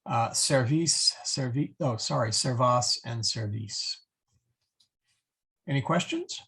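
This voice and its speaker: Slow, gravelly man teaching a class. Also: mid-range voice, fairly bright tone. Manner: halting, many fillers and self-corrections. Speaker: Latin teacher. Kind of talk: recorded class lecture.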